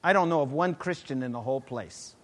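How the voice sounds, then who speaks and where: A middle-aged man preaching a sermon, telling a personal testimony with animated swings between loud exclamations and hushed asides. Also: medium pitch, fairly quick.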